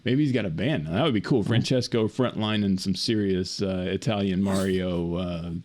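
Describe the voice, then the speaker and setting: A man co-hosting a podcast, telling a story in a casual, animated, laughing way over a remote call. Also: sits low, normal speed. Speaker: podcast co-host.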